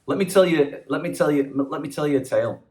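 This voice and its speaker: A man's voice: fairly high pitch, fast talker, a little mellow. Earnest man in an echoey room. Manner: earnest, rambling, many restarts. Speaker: vlogger giving advice. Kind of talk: casual heartfelt advice monologue.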